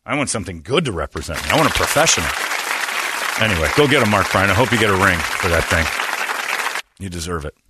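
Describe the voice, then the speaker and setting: Animated man telling comic stories. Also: fast, pauses often, over a noisy crowd, heavy background noise. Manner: animated storytelling, loud high-pitched impressions of other people. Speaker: podcast host. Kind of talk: casual comedic chat.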